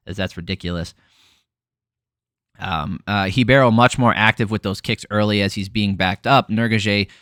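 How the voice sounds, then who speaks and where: A man's voice: lowish voice, fairly bright tone, no room sound, studio quality. A man hosting a casual fight recap, talking bluntly with frequent swearing and filler words. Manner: blunt, frustrated, swears freely, many fillers. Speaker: MMA podcast host.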